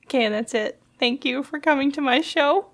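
A woman's voice: high-pitched, moderate pace. A woman co-hosting a podcast, telling pun jokes in a casual chat and giggling, delighted by them. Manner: giggly, delighted by her own puns. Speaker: podcast co-host.

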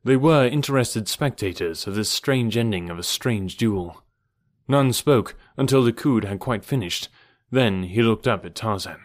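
A man narrating an adventure novel as an audiobook in a steady, measured storytelling manner. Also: lowish voice, dry recording, studio quality.

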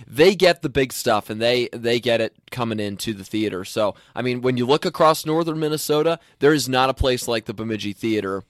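A Midwestern man co-hosting a podcast, friendly and measured in his delivery. His pitch is mid-range and his voice is recorded close and dry. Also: lively intonation, no echo. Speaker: podcast co-host. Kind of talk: casual chat.

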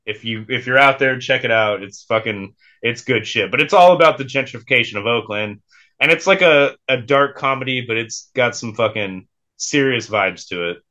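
A man's voice: mid-range voice, normal speed, sharp tone, muffled recording. A young man co-hosting a casual podcast, laid-back, swearing freely and laughing often. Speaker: podcast co-host.

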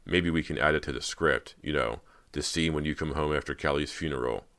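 A man reading a smooth, menacing male film director in an audiobook, persuasive and eagerly excited by turns. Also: very deep voice, fairly quick.

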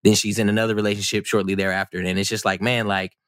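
A man co-hosting a casual podcast, talking in an animated, rambling way with many restarts and fillers. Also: fairly low pitch, quick pace, smooth, no echo, clean studio sound. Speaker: podcast co-host.

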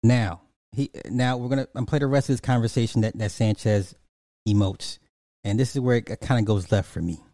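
Dark-voiced man doing reaction commentary. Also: mid-range voice, a little fast, no echo. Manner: emphatic, repeats points, many fillers and restarts.

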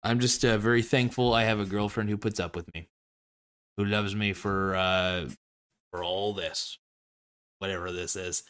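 A man's voice: on the low side, steady tone, normal speed, long pauses, a bit bright, clear, resonant tone. A man hosting his own online show, rambling through a goofy, self-mocking sign-off that jumps between topics.

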